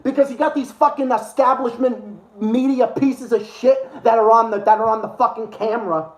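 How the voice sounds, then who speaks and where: A man's voice: extremely high pitch, steady tone, normal speed, roomy sound, poor audio. A man hosting a livestream and ranting over clips in a profane, sarcastic, exasperated way. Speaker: livestream host.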